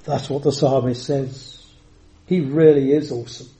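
A man's voice: medium pitch, steady tone, mellow. An older man preaching a sermon, emphatic, drawing out words and shifting his volume. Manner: emphatic, varies pace and volume, drawn-out words. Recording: echoey hall.

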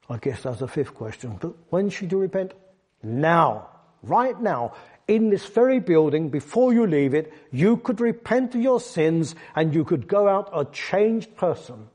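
Male preacher, fervent sermon delivery, somewhat high, mellow tone, urgent pleading questions. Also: breathy edge. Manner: fervent, rising to excited emphasis, pleading questions. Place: church building.

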